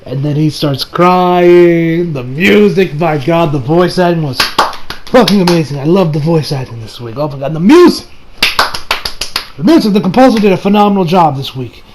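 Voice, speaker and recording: A man giving a casual, rambling recap of an anime episode, full of filler words and restarts, sometimes breaking into excited laughter. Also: a little high, normal speed, background noise. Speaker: anime reviewer.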